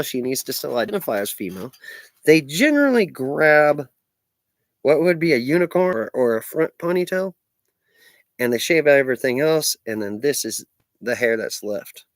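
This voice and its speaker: A middle-aged man rants through a story, blunt and sarcastic and cursing freely. His voice sits at an ordinary middle pitch. It is recorded close and dry, with no echo. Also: sing-song, normal speed. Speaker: vlogger. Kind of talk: profane ranting storytelling.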